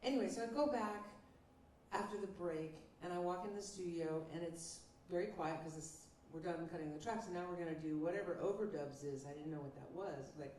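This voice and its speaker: A woman singer-songwriter recounts an old recording session with animated storytelling, slipping into the voices of the people she quotes. Her tone is mellow and dark. She sounds distant from the mic in an echoey room. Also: lowish voice, brisk, a little hiss or hum. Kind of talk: storytelling in an interview.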